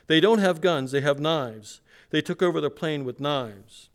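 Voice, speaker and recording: A man's voice: fairly high pitch, unhurried, pitched above the performer's own voice. A man preacher reading aloud the words of a frightened male airline passenger on an emergency call, in an urgent, pressed way. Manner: urgent, pressed, raised read-aloud delivery.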